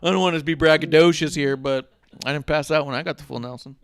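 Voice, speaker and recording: A man's voice: fairly high pitch, quick pace, creaky, smooth. A man co-hosting a podcast, chatting casually about wrestling in rambling, joking, profane banter. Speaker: podcast co-host. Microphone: podcast microphone.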